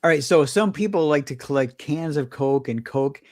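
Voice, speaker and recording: A man's voice: fairly high pitch, animated, normal speed, dry recording, clean studio sound. A man co-hosting a casual podcast who rambles, restarts his sentences and poses questions to the others. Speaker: podcast co-host. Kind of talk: casual chat.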